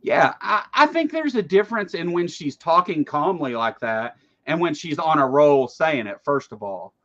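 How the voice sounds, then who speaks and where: A man hosting a loose political commentary show, talking in a somewhat high voice. He rambles in an animated way, with plenty of fillers and swearing, and the recording sounds dull and lo-fi. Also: moderate pace.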